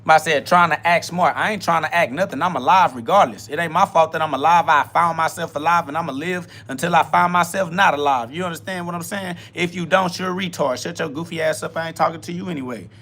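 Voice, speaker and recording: A man's voice: a little high, fast, few pauses, fairly bright tone. A man hosting a profane self-talk podcast, ranting bluntly in a combative, taunting way. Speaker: podcast host.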